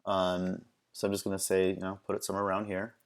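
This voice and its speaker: A man presenting a screen-recorded software tutorial, talking casually and haltingly with many ums and restarts. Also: sits low, monotone, vocal fry.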